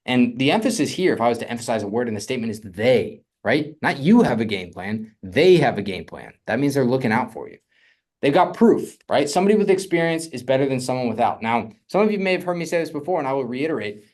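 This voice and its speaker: A young man coaching on real estate funding in a casual, energetic teaching talk, often asking "right?". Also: medium pitch, fast.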